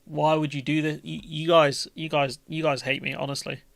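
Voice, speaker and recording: A man's voice: fairly high pitch, little pitch movement, normal speed, vocal fry, fairly bright tone, no room sound, studio quality. A man, hosting a live stream and chatting casually with his viewers in a jokey, rambling, slangy way.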